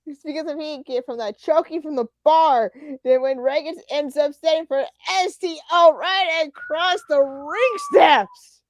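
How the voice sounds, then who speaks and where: A woman's voice: high-pitched, measured pace, dry recording. A woman co-commentating on a wrestling match with enthusiastic, cheering reactions.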